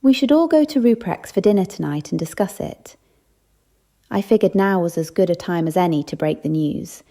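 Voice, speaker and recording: A woman narrating a cozy mystery audiobook, giving the characters small lifts in pitch. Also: animated, normal speed, dark tone. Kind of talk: scripted narration.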